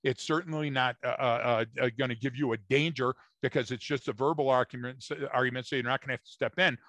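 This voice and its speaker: A man's voice: medium pitch, fairly even intonation, quick pace, a bit bright, dry recording. A man co-hosting a podcast, explaining points emphatically and addressing his listeners directly in a casual, lecturing discussion. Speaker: podcast co-host.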